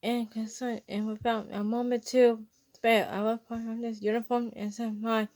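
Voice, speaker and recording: A woman voicing a hyper, eager young male sea sponge in a fan storybook reading, shouting drill-like proclamations. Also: fairly high pitch, flat delivery, normal speed, lightly acted. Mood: speechifying.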